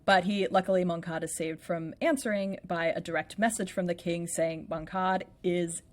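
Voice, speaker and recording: A woman's voice: lowish voice, moderate pace. A woman co-hosting a podcast, recapping a play in casual chat with a playful, chatty manner and lots of "like". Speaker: podcast co-host.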